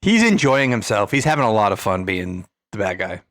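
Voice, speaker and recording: Male co-host, lowish voice, wry jokes, dry close mic. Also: very animated, fairly quick, a bit bright, no room sound. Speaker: podcast co-host. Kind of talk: casual chat.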